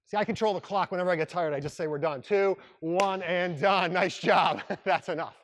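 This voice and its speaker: A man's voice: high voice, moderate pace, fairly bright tone, a little hiss or hum. A man coaching a workout class as its instructor, upbeat and joking, breaking off mid-sentence now and then. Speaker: fitness instructor. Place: exercise room.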